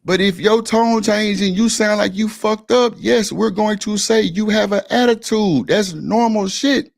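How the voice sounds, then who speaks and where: A man's voice: high-pitched, measured pace, vocal fry. A man hosting a live-stream panel, arguing his point in a blunt, profane, insistent way. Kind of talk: heated casual argument.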